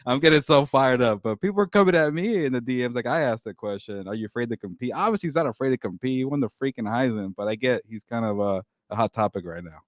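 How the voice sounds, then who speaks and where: A man co-hosting a sports podcast in casual chat, excitable, repeating words and laughing often. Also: mid-range voice, quick pace, dry recording, clean studio sound.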